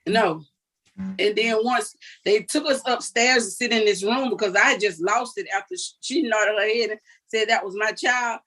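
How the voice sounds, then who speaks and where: An older woman, appearing as an interview guest, gives an earnest and vivid personal account, quoting dialogue as she recounts it. Her voice is medium-pitched and a bit bright at a normal speed, though the recording is rough.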